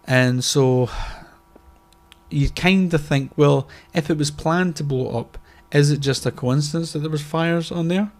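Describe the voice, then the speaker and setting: A man's voice: a little high, a little slow. A man co-hosting a casual podcast chat, talking emphatically and swearing often. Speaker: podcast co-host.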